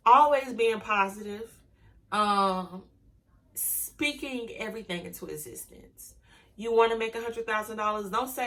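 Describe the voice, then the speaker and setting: Young woman vlogger, motivational to camera, bright forceful tone, preachy, repeats affirmations. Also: mid-range voice. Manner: emphatic, repeats affirmations slowly; preachy and direct, ends points with "okay?". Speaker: vlogger teaching a hair business.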